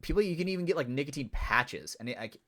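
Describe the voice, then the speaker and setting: A man's voice: fairly high pitch, lively intonation, quick pace, fairly bright tone. A young adult man co-hosting a podcast, talking in a profane, emphatic, rambling way. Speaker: podcast co-host. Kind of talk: casual podcast chat.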